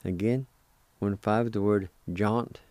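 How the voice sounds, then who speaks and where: A man hosting a radio language lesson, spelling words letter by letter and repeating each pronunciation slowly. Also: lowish voice, fairly even intonation, a little mellow, no room sound. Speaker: radio host teaching Cherokee words.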